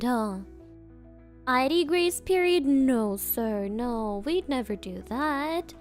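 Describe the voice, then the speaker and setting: A young woman streams and chats with her viewers in a high, girlish voice. She takes her time, drawing words out, and her tone is playful and teasing, often slipping into mock offense. Faint music plays quietly underneath. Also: lively intonation, slow pace. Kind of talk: casual chat with viewers.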